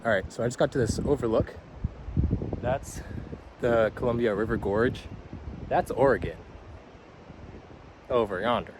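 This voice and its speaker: A young man hiking and talking to his camera outdoors, excited and slangy, laughing often and out of breath. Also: mid-range voice, a little slow, pauses often. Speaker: hiking vlogger. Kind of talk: outdoor vlog commentary. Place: outdoors on a hiking trail by a waterfall. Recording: noisy outdoor recording.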